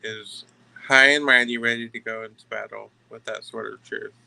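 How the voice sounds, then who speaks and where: A man giving a tarot reading to camera, emphatic and halting, often stopping to restart his sentences. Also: medium pitch, fairly even intonation, vocal fry, bright, forceful tone, rough recording. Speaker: tarot reader.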